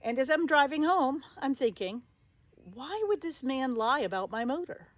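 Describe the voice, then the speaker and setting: A woman's voice: high-pitched, lively intonation, moderate pace, dry recording, muffled recording. A middle-aged woman hosting her own show, telling a personal story in a casual, sassy and sarcastic way. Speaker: show host.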